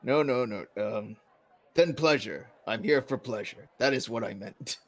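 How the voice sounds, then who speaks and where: A man's voice: lowish voice, moderate pace. A man playing a tabletop game, talking casually with some hesitation. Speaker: player.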